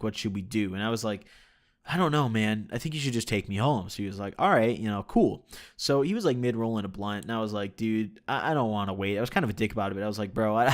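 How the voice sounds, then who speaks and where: Young man, low-ish voice, casual storytelling, laid-back, frequent fillers, swears freely. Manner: laid-back, swears a lot, laughs often, many fillers like "like" and "you know". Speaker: storyteller recounting his own experience.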